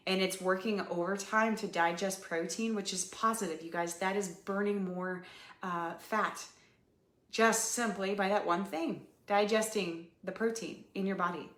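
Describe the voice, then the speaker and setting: A woman's voice: on the low side, a bit bright, roomy sound. A woman hosting a fitness podcast, coaching listeners in a casual, chatty way with lots of ums and "you guys.".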